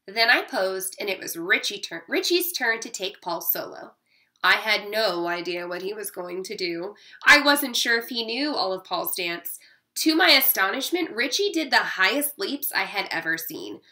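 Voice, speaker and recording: A woman's voice: on the high side, sharp tone. A woman teacher reading a children's story aloud expressively, with short asides to her listeners.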